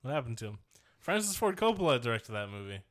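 A man's voice: medium pitch, sing-song, quick pace, a bit bright. A man co-hosting a podcast in casual, rambling chat, with lots of fillers and swearing. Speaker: podcast co-host.

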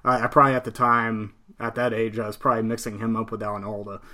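A man co-hosting a podcast, chatting casually with frequent pauses and restarts. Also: lowish voice, flat delivery, crowd noise. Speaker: podcast co-host.

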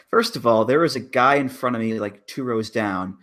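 A man's voice: lowish voice, a little slow, a bit bright. A man co-hosting a casual wrestling chat, making emphatic arguments about storylines. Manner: emphatic, breaks down booking logic.

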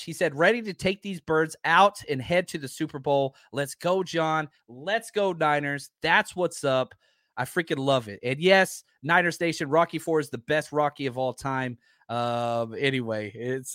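Animated, ranting man hosting a sports stream. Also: a little high, no echo, clean studio sound. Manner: animated, ranting, swearing, self-interrupting. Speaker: sports talk show host. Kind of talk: casual live-stream sports rant.

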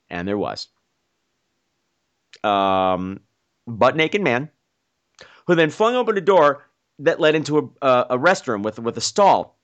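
Guy telling a wild story on a podcast, voice jumps all over, pretty high for a man, dry close mic. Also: dull audio. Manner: excitable, self-mocking, acts out quotes. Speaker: podcast host. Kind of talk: animated storytelling.

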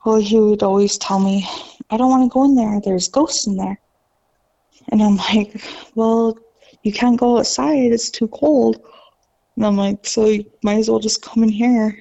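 A woman, a podcast guest, telling a ghost story in a casual, animated way, full of "like" fillers and mimicked voices. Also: medium pitch, unhurried, gravelly, highs cut off.

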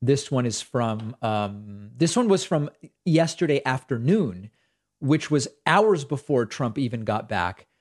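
A man's voice: mid-range voice, sing-song, measured pace. A man hosting a political talk show, giving opinionated commentary in a sarcastic, conversational way with loose asides.

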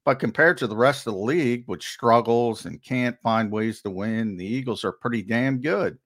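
A man's voice: mid-range voice, moderate pace, a bit bright. A man co-hosting a sports talk show, talking emphatically and repeating words for stress. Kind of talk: heated sports talk commentary.

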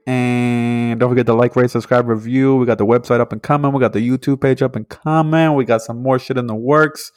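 Man with a lisp, easygoing podcast co-host, mid pitch, dry close sound. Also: fairly even intonation, fairly quick, hardly any pauses, no room sound. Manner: laid-back, joking, laughs often. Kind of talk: casual chat.

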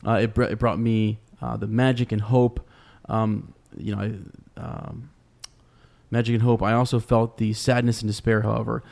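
A man co-hosting a podcast, speaking in a halting way with many ums and uhs. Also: fairly low pitch, level tone, creaky, a little mellow. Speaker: podcast co-host. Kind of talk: casual podcast chat.

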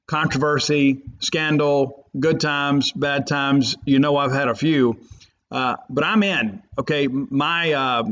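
A man's voice: on the high side, a bit bright. A man hosting a sports podcast, talking in an emphatic, rambling way. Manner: emphatic, rambling, fan loyalist. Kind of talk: opinionated sports talk. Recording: muffled lo-fi podcast audio.

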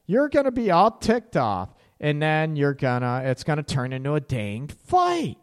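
A man hosting a relationship advice radio show, blunt and animated, with sarcastic asides and casual swearing. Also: a little high, unhurried, big-room sound.

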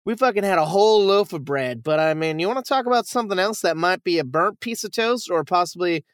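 A man's voice: high-pitched, expressive, fast talker, clean tone, no room sound. Male podcast co-host, casual and swearing freely, dry close sound. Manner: loose, profane, enthusiastic. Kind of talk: casual review chat.

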